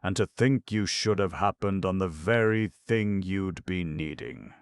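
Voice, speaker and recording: Storybook djinn wizard, small, jolly and fussy, gravelly tone, as a man puts him on. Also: sits low, unhurried, no echo, studio quality, voice pushed up. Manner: exuberant, fussy exclamations. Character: little red male djinn wizard, jolly and excitable.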